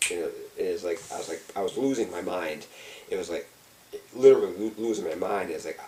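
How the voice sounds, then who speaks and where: A man's voice: deep voice, fast, background noise. Intense, swearing man heard from a distance. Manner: intense and heavily profane, reenacting his own frantic thoughts. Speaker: vlogger. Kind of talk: casual first-person storytelling. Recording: voice set back from the mic.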